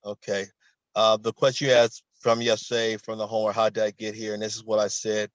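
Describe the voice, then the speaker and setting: A man's voice: on the low side, level tone, fairly quick, dry recording. A man taking part in a coaching session, speaking hesitantly with fillers and then reading out notes he wrote. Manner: hesitant, reads out his own written notes. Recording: dull, dry lo-fi call audio.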